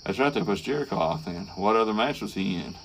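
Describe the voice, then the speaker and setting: Deep-voiced man recapping with swearing. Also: fast, a little hiss or hum. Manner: profane, animated storytelling with acted quotes. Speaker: podcast co-host. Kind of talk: casual wrestling recap chat.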